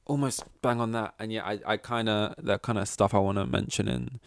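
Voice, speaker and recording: Man, solo podcast host, rambling and self-mocking, lowish voice, dry close sound. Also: steady tone, brisk, gravelly, no echo. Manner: self-deprecating, rambling, swears, acts out both sides of awkward chats.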